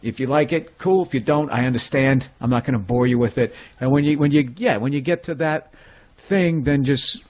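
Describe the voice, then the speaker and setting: A man in his forties talking as a comedian guest on a podcast, animated and self-deprecating as he rambles. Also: medium pitch, moderate pace. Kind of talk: casual interview chat.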